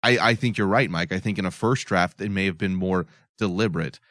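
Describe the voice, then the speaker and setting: A man with a low-pitched voice talks through a TV episode as a podcast co-host, loose and conversational. He explains at length and circles back to restart his points. The sound is dry and close, with no room around him. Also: fairly quick, fairly bright tone, dry recording. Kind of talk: casual episode discussion.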